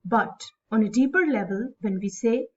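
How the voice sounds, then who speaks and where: A woman English instructor with a Pakistani English accent giving a recorded lecture, speaking slowly and stretching words out syllable by syllable. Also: fairly high pitch, darkish tone. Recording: distant mic, dull lo-fi sound.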